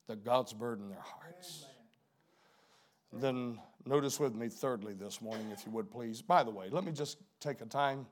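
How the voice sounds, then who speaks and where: A middle-aged man preaching a sermon, dropping to hushed low emphasis and then rising to loud, emphatic preaching. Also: expressive, moderate pace.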